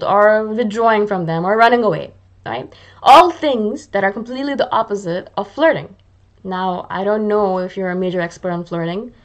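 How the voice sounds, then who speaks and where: Chatty self-mocking woman podcaster. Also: medium pitch. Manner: chatty and self-mocking, acts out her own thoughts. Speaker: podcast host. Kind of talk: casual monologue.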